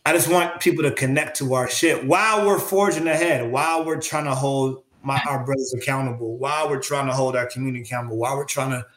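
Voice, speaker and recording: A man talks earnestly as a guest in an interview, circling back and restarting as he searches for the right words. His voice is mid-pitched. The room around him gives a noticeable echo. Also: fast talker, hardly any pauses, fairly bright tone. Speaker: interview guest, creative artist. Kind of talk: reflective conversational interview. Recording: roomy echo.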